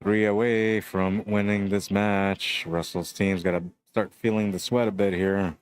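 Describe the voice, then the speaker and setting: A young adult man giving relaxed, chatty live commentary on a pool match and greeting stream viewers. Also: on the low side, unhurried, clear, resonant tone, no room sound.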